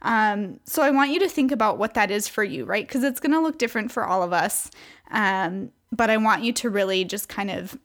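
A woman's voice: medium pitch, a little fast, fairly bright tone. A young adult woman coach talking casually to women about faith, with many fillers and restarts. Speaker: Christian coach. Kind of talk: casual devotional talk to women.

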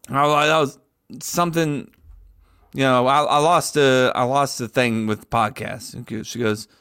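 A man grumbling and swearing through a casual podcast chat, often getting loud when he rants. His voice sits at a middle pitch. The sound is dry, with no room echo. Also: steady tone, normal speed, clear, resonant tone. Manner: profane, rants loudly when worked up. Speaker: podcast co-host.

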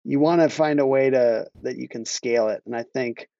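Rambling mellow-voiced man. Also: medium pitch, moderate pace, vocal fry, no room sound, lo-fi sound. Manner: rambling, self-interrupting, laughs while telling stories. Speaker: guest, marketing agency owner. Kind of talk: casual podcast conversation.

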